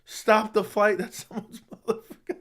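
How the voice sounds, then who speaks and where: A man's voice: high voice, little pitch movement, normal speed, a bit bright. A young man hosting a casual livestream, answering chat with crude, mocking trash talk and frequent laughter. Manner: laughs often. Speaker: livestream host.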